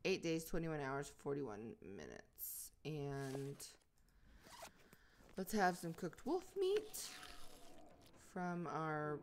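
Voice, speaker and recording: A young woman hosting a let's-play, chatting through a survival game and getting loud and frantic when she gets stuck. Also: sits low, very animated, drawn-out words, long pauses, slight background noise. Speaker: gaming channel host.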